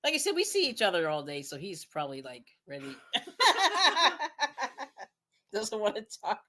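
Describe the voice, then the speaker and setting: A woman's voice: mid-range voice, huge pitch swings, a little slow, bright, forceful tone. A woman hosting a casual live cooking stream, chatting as she works, laughing often and restarting her sentences. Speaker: cooking show host.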